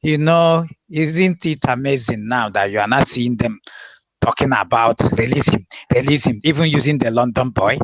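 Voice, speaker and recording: A man's voice: medium pitch, moderate pace, no room sound. Friendly man with a dry close voice. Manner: friendly, greets people by name one after another. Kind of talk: greeting others in an audio room.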